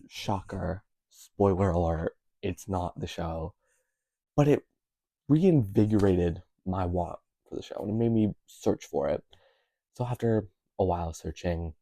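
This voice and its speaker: A man's voice: low-pitched, dark tone, dry recording. A young man vlogging in a casual, rambling way, correcting himself and dropping wry asides.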